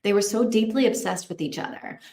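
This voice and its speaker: A woman's voice: medium pitch, brisk, darkish tone, reverberant. A woman hosting a casual livestream, chatting, thinking aloud and reacting to viewer comments. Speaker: livestream host.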